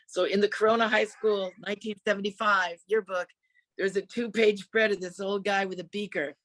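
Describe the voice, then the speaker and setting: A woman in her sixties is a comedian guest on a podcast, telling stories in casual chat. Her delivery is deadpan, and she acts out the voices of the people she quotes. The sound is close and dry. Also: mid-range voice, fairly quick, no echo.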